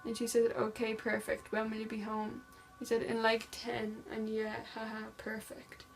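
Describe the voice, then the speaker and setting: Flat-voiced young woman retelling a story. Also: a little high, moderate pace, vocal fry, soft background music, low-quality recording. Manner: reads text messages aloud in a flat storytelling way, with many "like" fillers. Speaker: vlogger. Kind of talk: casual true-crime retelling.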